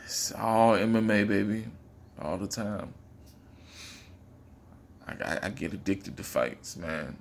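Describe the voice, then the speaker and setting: A man giving casual, profane reaction commentary while rewatching a fight, laid-back and quick to laugh. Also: on the low side, vocal fry, slight background noise.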